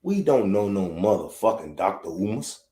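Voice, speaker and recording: A man's voice: lowish voice, expressive, normal speed, mellow. A middle-aged man from Chicago with a Chicago accent, ranting bluntly and profanely on his podcast. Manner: profane, blunt, heated, repetitive. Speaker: podcast host. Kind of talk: unfiltered rant. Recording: echoey room.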